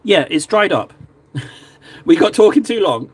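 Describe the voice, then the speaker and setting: A man's voice: sits high, big pitch swings, a little slow, husky. A chatty, jokey man from Cornwall, talking casually to viewers while painting on a live stream. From Cornwall, England.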